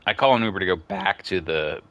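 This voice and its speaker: A man chatting casually over gameplay, telling a long story in a rambling, excitable way and getting worked up as he goes. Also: low-pitched, fairly quick. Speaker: gaming streamer.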